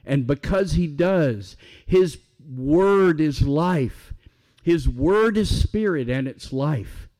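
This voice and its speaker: A man's voice: on the high side, mellow. A man preaching a sermon, emphatic, asking questions and answering them himself.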